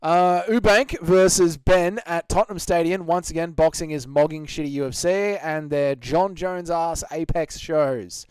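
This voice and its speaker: A man's voice: on the high side, a little slow, hardly any pauses, clean tone, no room sound. A young Australian man hosting a casual live Q&A, reading out chat and joking crudely with lots of swearing. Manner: crude, joking, swears a lot, laughs often. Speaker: livestream host.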